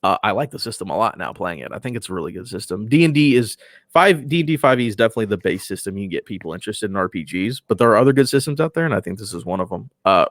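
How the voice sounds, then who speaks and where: A man who is a voice actor and podcaster, a guest in a casual interview, talking in a relaxed, enthusiastic way and often trailing off softly. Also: lowish voice, racing, no room sound, clean studio sound.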